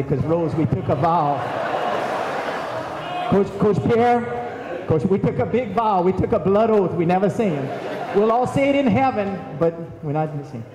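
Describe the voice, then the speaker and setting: A fairly high-pitched man tells stories during a eulogy in a big church, imitating the voices of the people he describes. The hall echoes, the recording is distant, and the background is noisy.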